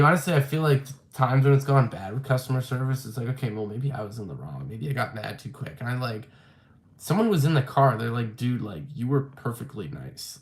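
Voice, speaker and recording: Young man venting in a casual vlog. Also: mid-range voice. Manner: frustrated, venting, many filler likes. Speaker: vlogger.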